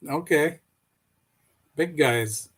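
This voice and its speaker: A man's voice: fairly high pitch, very slow, fairly bright tone, husky. A man chatting in a friendly way and telling anecdotes, with an occasional chuckle. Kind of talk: casual chat, storytelling.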